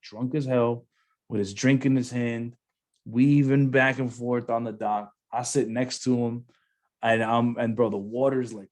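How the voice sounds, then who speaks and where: Casual storytelling man, full of slang. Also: medium pitch. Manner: casual, says bro a lot, animated storytelling. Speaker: podcast host, former Marine sergeant. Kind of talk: casual podcast chat, storytelling.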